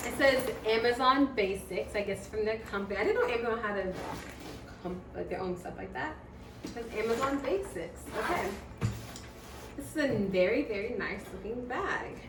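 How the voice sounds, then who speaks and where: A woman's voice: a little high, moderate pace. A woman talking through an unboxing at home, gushing and laughing as she shows off new gear. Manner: excitable, gushing, lots of laughter. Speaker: vlogger. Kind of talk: unboxing vlog. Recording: echoey room from a distance with noise.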